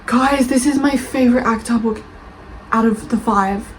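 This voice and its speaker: A woman's voice: a little high, a little slow, slight background noise, rough recording. A woman with an Australian accent, a book reviewer and author chatting casually as she reads reviews aloud, reacting defensively and swearing freely.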